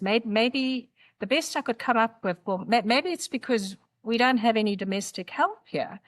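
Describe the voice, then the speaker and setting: A woman with a South African accent, a guest telling lively anecdotes in conversation, with emphatic lists and occasional laughter. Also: on the high side, unhurried. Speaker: guest author. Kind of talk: conversational storytelling.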